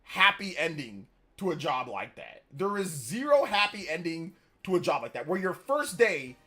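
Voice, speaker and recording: A man hosting a live stream, telling stories in a casual, animated and slangy way. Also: fairly high pitch, moderate pace. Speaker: streamer host. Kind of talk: casual livestream chat.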